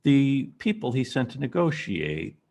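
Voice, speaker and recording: A man's voice: mid-range voice, big pitch swings, unhurried, gravelly, darkish tone. A man giving a classroom history lecture, telling the story and asking the class questions.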